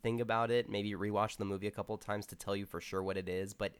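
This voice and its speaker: A man's voice: fairly low pitch, level tone, quick pace. A man co-hosting a casual movie review chat, arguing and teasing. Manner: argumentative, teasing. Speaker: podcast co-host.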